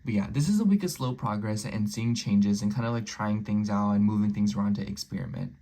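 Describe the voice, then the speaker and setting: A man's voice: fairly low pitch, fairly quick. A man reading weekly horoscopes in a rambling, casual way, full of fillers, sometimes dropping to a whisper, a little under the weather. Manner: rambling, many filler likes, slips into soft whispers. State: a little sick. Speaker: astrology and tarot reader.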